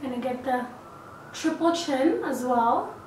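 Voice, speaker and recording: High-voiced chatty woman in echoey room. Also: lively intonation, unhurried, darkish tone. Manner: chatty, upbeat, gushing. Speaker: makeup vlogger. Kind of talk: makeup tutorial narration. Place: small apartment room. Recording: echoey room, distant mic, faint hiss.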